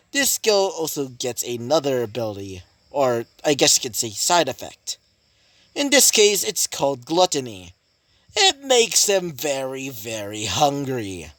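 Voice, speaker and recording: Male story narrator, loose and rambling, with a lively, bouncing pitch and a dry, close sound. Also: no room sound. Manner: rambling, full of fillers like "basically" and "you know". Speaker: YouTube storyteller. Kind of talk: casual fan-fiction story narration.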